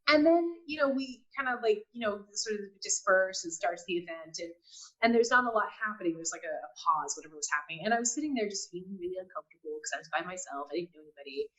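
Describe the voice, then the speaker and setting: A woman telling a personal story in casual talk, animated, acting out quotes and often laughing. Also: mid-range voice, fast, rough recording. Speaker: guest.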